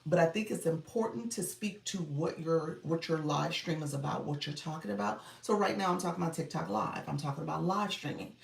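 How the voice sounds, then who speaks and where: A woman's voice: low voice, brisk, creaky, hardly any pauses, distant mic. A woman streaming live as a coach, chatting casually, greeting viewers by name and laughing often. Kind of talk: casual livestream chat with viewers. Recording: echoey room, voice a bit off mic.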